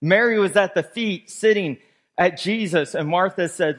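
A man's voice: high-pitched, moderate pace. A male pastor preaching a sermon. He reads scripture aloud and talks emphatically as he walks his congregation through the verses.

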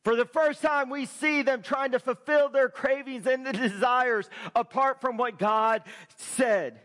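A man preaching a sermon as pastor, building to shouted emphasis. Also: very high-pitched, fairly even intonation, measured pace.

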